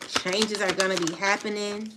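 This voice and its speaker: A woman's voice: medium pitch, steady tone, moderate pace, very noisy. A woman doing a casual tarot reading, taunting and laughing as she talks to her viewers. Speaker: tarot reader. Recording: music playing underneath. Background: music.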